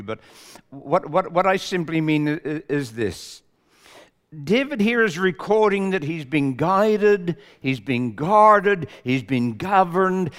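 A man preaching a sermon in a measured, emphatic way, building lists for effect. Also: on the high side, fairly bright tone, smooth. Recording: long reverb of a large hall.

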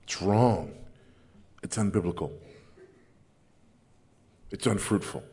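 A man preaching a sermon as pastor, with a big deep voice and an emphatic way of repeating phrases. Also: lively intonation, slow pace, dark tone.

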